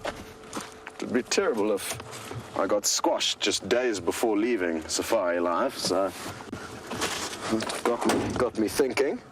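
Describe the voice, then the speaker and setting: A male safari guide giving live wildlife commentary from an open-air vehicle. His voice sits in a middle pitch, and he stays calm and chatty with easy enthusiasm. A faint hum of outdoor ambience runs underneath.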